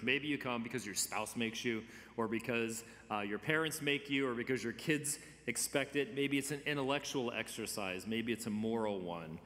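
A man in his fifties preaching a sermon, conversational with gentle humor and emphatic stresses. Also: medium pitch. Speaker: pastor. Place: church sanctuary. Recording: reverberant church sanctuary.

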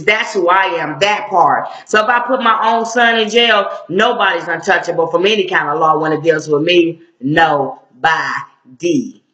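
A woman's voice: medium pitch, fairly bright tone. A middle-aged woman, a civil rights activist, giving blunt, confrontational commentary in slangy street talk. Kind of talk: impassioned video commentary. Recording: echoey room, dull lo-fi sound.

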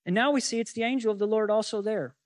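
A man's voice: sits high, fast talker, no room sound, studio quality. A male pastor preaching a sermon, teaching from scripture with many rhetorical questions to the congregation.

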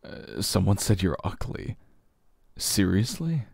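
A deep-voiced man in a whispered role-play, playing a gentle boyfriend who soothes with slow, hesitant reassurance. His tone is mellow and dark, recorded close and dry with no room sound. He sighs softly and lets quiet laughs slip between his words. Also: big pitch swings, gravelly, no echo.

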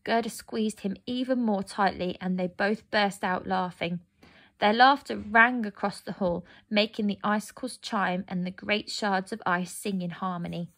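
Woman, storybook narration, gentle, expressive, medium pitch. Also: unhurried.

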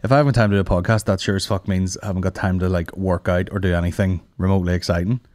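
A man's voice: low-pitched, fairly even intonation, racing, a little mellow, no room sound. A man hosting a comedy podcast, ranting casually with plenty of swearing and laughing at his own jokes. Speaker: podcast host.

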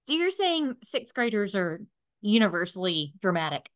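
A woman's voice: medium pitch, big pitch swings, normal speed. A woman in the class asking the teacher a dry question. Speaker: class participant.

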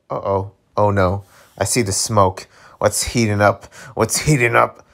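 A man's voice: on the low side, fairly even intonation, measured pace, vocal fry, fairly bright tone. A man hosting a channel where he reads a webcomic aloud, reacting with laughs and exclamations. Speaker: webcomic reader channel host.

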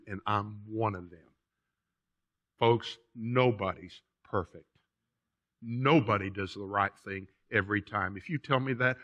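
Animated man preaching a sermon. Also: medium pitch. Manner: animated preaching, swinging between loud emphasis and quiet asides; plain-spoken and folksy, often addressing the congregation as folks. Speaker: pastor. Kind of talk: Sunday sermon. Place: church sanctuary.

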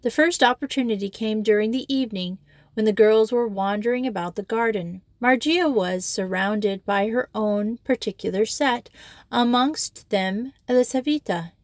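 A woman reading a children's school novel aloud in steady, measured storytelling. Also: a little high, dry recording. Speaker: audiobook reader.

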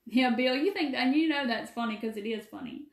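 A woman's voice: high-pitched, a little fast. A woman with a Mississippi Southern accent, hosting a live craft demo, talking folksy and chatty and answering viewers by name. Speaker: craft live-stream host. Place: empty room. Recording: echoey room.

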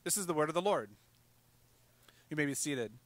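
A male pastor preaching a sermon in a conversational way, with fillers and quick asides. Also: on the high side, expressive, no echo.

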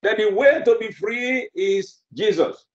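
Preacher, male, very high voice, slow deliberate sermon delivery, roomy muffled recording. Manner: emphatic, repeats phrases for effect.

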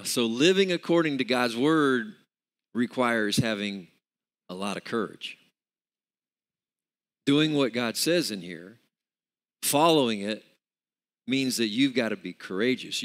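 Guy preaching a sermon, mid pitch, lots of repeats and "everybody say", big echoey church sound. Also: a bit bright. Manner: emphatic, repeats words, calls for congregation responses. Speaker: pastor. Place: church sanctuary. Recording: long reverb of a large hall.

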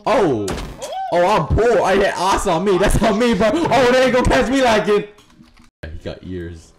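A man's voice: high voice, sing-song, normal speed. A man giving crude, joking commentary while playing a game online, trash-talking other players. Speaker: gaming streamer. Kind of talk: casual gameplay commentary.

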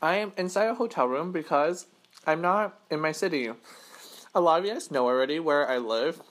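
A man's voice: on the high side, animated, fairly quick, a bit bright. A man from Western Canada, hosting a casual mukbang eating show from a hotel room and rambling, correcting himself and laughing between bites. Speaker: mukbang host. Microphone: camera mic.

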